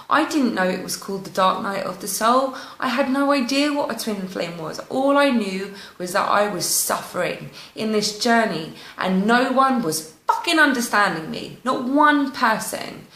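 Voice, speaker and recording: A woman's voice: mid-range voice, a bit bright. A woman telling her own story in a raw, candid and emotional way, swearing freely. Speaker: spiritual vlogger. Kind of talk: personal confessional storytelling. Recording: roomy echo.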